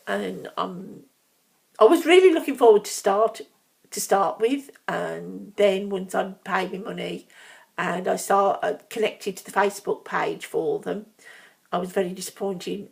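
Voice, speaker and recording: A woman's voice: mid-range voice, creaky. A middle-aged woman with a Brummie accent, talking frankly in a casual, rambling monologue full of asides. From Birmingham, England. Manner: chatty, frank, with frequent ums and asides. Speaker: vlogger.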